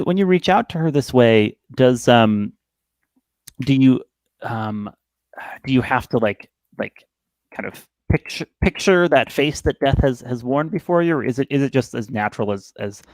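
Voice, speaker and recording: A man narrates a tabletop game as game master, halting and restarting as he goes. His voice sits at a middling pitch. The recording is dry and close. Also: darkish tone, dry recording. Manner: halting, full of fillers and restarts.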